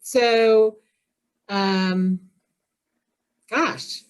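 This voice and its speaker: A woman from Indiana, USA, guesting on a podcast as an author, chats casually with self-deprecating humor and laughs a lot. Her medium-pitched voice is smooth and fairly even, and she speaks very slowly.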